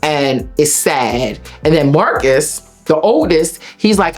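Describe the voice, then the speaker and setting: A woman with a Delaware accent, an interview guest telling a personal story in a blunt, profane, animated way. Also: low voice, slow pace, few pauses, faint music behind. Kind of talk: emotional storytelling.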